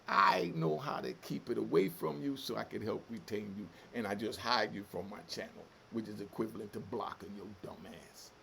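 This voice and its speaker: A man's voice: fairly low pitch, moderate pace, creaky, hardly any pauses, sharp tone, slight background noise. A middle-aged man hosting a commentary channel, delivering fiery, emotional, profane street talk in a heated solo rant.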